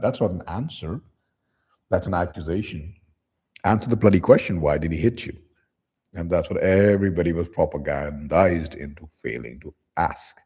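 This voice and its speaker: Low, husky-voiced man, blunt and scornful. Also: moderate pace, mellow. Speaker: commentary channel host. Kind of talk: casual commentary reading posts aloud.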